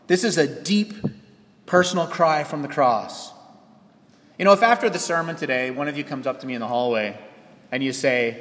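A male pastor preaching in a large church hall, his slightly high voice trailing off into a long reverb. He talks earnestly, climbing loud on key phrases and then dropping to near quiet. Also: moderate pace, long pauses. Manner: earnest preaching, rising and dropping sharply for emphasis. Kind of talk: sermon.

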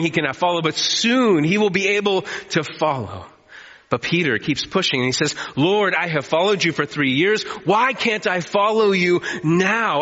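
A man preaching a sermon as pastor, animated, acting out pleading quotes. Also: a little high. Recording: muffled sound in a reverberant hall.

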